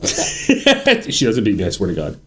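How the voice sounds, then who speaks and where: Joking man, low voice, casual chat. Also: huge pitch swings, unhurried, a bit bright, a little hiss or hum. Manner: joking, self-deprecating, swears freely. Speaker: co-host.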